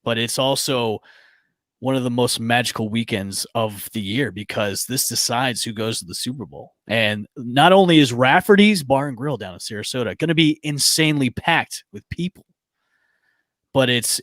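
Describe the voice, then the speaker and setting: A man hosting a sports podcast in casual chat, excitable and rambling with stammered restarts. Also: medium pitch, brisk, no room sound, studio quality. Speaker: podcast host.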